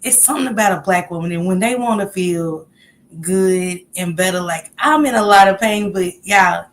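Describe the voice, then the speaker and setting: A woman hosting a casual livestream, a little out of breath as she chats and greets viewers one by one with upbeat calls. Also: mid-range voice. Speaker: livestream host.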